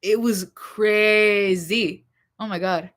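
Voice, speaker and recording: A young woman hosting a casual livestream, chatting in a rambling, expressive way with lots of fillers. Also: mid-range voice, slow. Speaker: livestream host.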